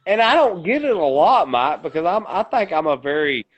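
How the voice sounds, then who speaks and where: A man's voice: high-pitched, big pitch swings, moderate pace. A man co-hosting a podcast, telling a long story at a rambling pace and swearing often. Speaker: podcast co-host. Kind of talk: casual podcast chat. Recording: dull lo-fi podcast audio.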